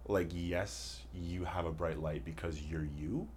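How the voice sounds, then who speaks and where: A young man with a very low, deep voice talks loosely and profanely as a podcast host, drifting through long anecdotes. A faint hiss of noise sits under the recording. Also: steady tone, measured pace, a little mellow. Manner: profane, rambling storyteller. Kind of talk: casual chat.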